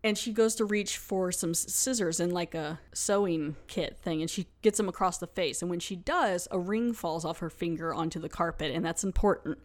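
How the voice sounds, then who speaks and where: A woman's voice: on the low side, normal speed, few pauses. A woman hosting a podcast, recapping a TV episode in a chatty, casual way full of fillers. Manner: chatty, lots of "like". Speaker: podcast host.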